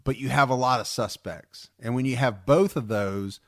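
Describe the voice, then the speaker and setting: A man's voice: mid-range voice, normal speed, a bit bright, no room sound. A man co-hosting a podcast in an easygoing chat, his mid-range voice close and dry. He rambles, circles back, and restarts sentences with eager energy. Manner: rambling, repeats words, enthusiastic. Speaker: podcast co-host.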